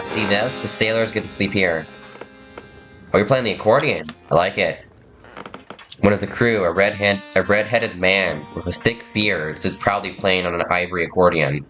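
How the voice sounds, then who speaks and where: In a let's-play, a man reads a story game's text out loud and adds rambling, self-deprecating commentary. His voice is on the low side, bright and forceful.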